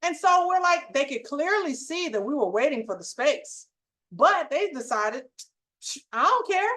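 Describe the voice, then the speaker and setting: A middle-aged woman with a high, bright voice tells a story to her viewers. She delivers it in an emphatic, animated way. Her talk is conversational but preachy, and she hosts her own channel. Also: normal speed. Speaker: channel host.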